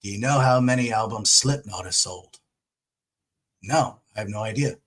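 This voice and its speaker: A man doing a blunt, matter-of-fact English fellow with an attempted English accent, pitched noticeably lower than his own voice. He lays out his point plainly and bluntly, in a rough, casual impression. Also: moderate pace, a bit bright. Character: friendly English male author friend, blunt.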